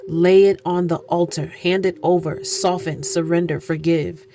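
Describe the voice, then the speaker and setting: A woman's voice: lowish voice, steady tone, unhurried, mellow. A woman giving an oracle card reading, earnest and preachy, repeating phrases for emphasis. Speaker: spiritual card reader. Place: indoor room, candles lit.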